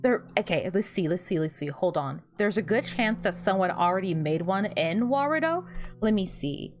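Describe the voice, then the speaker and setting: Lively giggly young woman streamer. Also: medium pitch, moderate pace, a little hiss or hum. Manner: animated and giggly, often laughing at her own jokes; rambling, repeats words while fiddling with her setup. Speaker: VTuber streamer. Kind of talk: casual livestream chat.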